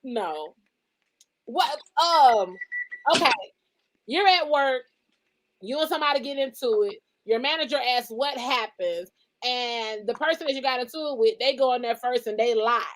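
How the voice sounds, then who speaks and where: A woman's voice: fairly high pitch, normal speed, fairly bright tone, poor audio. A woman chatting casually as a guest, playful and laughing often. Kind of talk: casual chat.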